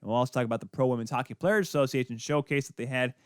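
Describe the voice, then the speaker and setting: A man hosting a podcast, delivering a heated, sarcastic rant with sudden loud spikes and quick muttered asides. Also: medium pitch, clear, resonant tone, no echo, clean studio sound. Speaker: podcast host. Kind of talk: ranting hockey commentary.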